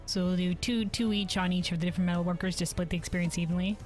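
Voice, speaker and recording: A woman's voice: on the low side, steady tone, rapid-fire, a little mellow, soft background music. A woman streaming a game, talking in a chatty, playful way and correcting herself as she goes. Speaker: gaming streamer. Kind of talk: casual gameplay commentary.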